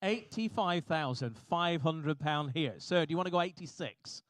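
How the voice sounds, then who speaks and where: Man, auctioneer, repeating bids fast, cheeky asides, slightly high voice. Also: expressive, fairly bright tone, dry recording. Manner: brisk, repetitive bid calling with jokey asides. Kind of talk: live auction calling. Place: auction hall.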